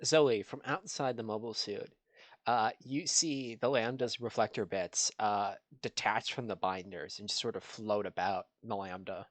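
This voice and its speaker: A man serving as game master for a tabletop game, calling for rolls and describing the scene in a relaxed way. His voice sits low, and the sound is dry and close. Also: no echo. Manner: relaxed, with frequent fillers and pauses.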